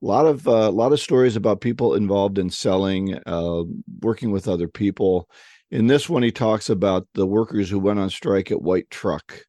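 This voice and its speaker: Low-voiced man telling sales stories. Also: normal speed, dark tone, dry recording. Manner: storytelling, acts out voices in anecdotes; frequent restarts and repeated words. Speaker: podcast co-host. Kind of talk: casual conversation on selling.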